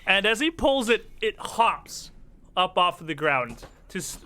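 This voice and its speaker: A man's voice: sits high, sing-song, measured pace, heavy background noise. A man running a tabletop game as game master, narrating the action with frequent laughter.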